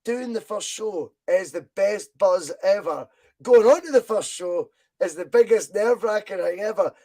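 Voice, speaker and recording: A man hosting a casual fan podcast, loud and animated as he reads out viewer comments. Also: sits high, moderate pace, poor audio. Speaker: podcast host.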